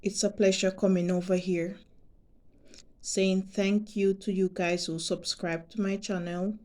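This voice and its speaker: A Jamaican woman vlogging to her subscribers, talking deliberately and emphatically and repeating her points. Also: medium pitch, little pitch movement, a little mellow. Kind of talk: direct-to-camera monologue.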